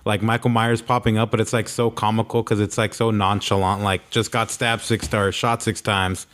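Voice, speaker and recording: A man's voice: fairly low pitch, level tone, moderate pace, a bit bright. A young man co-hosting a podcast, chatting casually in a laid-back, rambling way full of "like"s. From Mexican-American upbringing. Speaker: podcast co-host. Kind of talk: casual chat.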